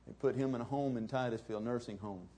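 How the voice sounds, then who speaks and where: A man's voice: mid-range voice, fast, dark tone, slight background noise. A middle-aged man, preaching a sermon in a folksy, storytelling way. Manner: folksy, chuckling, conversational. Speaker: pastor.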